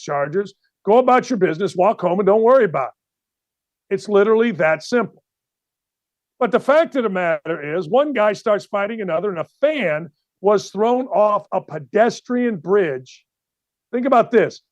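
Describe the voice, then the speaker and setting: A middle-aged man hosting a sports talk show, ranting in a blunt, exasperated way. His voice sits high for a man and cuts through sharply. The studio sound is close and dry, with no room echo. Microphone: studio mic facing camera.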